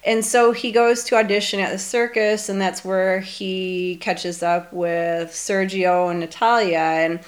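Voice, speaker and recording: A woman's voice: medium pitch, steady tone, measured pace, few pauses. Chatty woman recapping a movie plot. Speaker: podcast co-host. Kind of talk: casual movie discussion.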